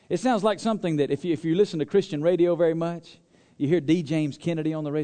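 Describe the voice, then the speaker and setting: A man preaching a sermon in a church, asking the congregation to answer aloud and swinging between loud stressed phrases and low quiet asides. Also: rapid-fire, big-room sound. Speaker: pastor.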